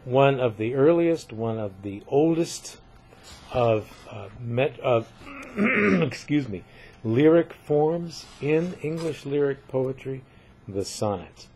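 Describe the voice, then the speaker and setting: An older male lecturer who talks slowly and methodically, with a mid-range voice. He keeps pausing to check his listeners are following. A faint hiss sits behind the recording. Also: mid-range voice, expressive, darkish tone. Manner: methodical, often checking with "right?".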